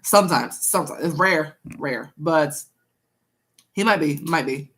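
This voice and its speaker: A woman's voice: low voice, a little slow, fairly bright tone. A young woman doing a casual live-stream tarot reading, chatting with viewers and repeating herself.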